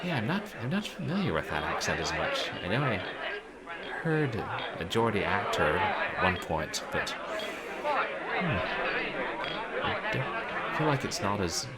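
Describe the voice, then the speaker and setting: Brief: low-voiced, animated man riffing wryly on a game stream. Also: slow, a loud crowd. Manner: wry, musing asides. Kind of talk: casual game commentary.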